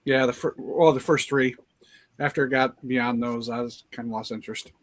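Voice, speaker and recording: A man's voice: mid-range voice, fairly even intonation, moderate pace. A man chatting easily and laughing a lot as a guest on a video-call stream. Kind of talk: casual chat.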